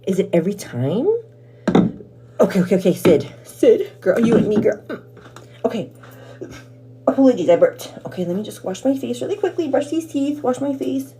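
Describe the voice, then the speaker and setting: A woman in her thirties hosts a get-ready-with-me live stream from home. She chats to her viewers, calls them "girl" and thanks them by name. Her voice sits a little high and swings widely in pitch. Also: expressive, brisk, mellow, a little hiss or hum. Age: 30s. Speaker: livestream host.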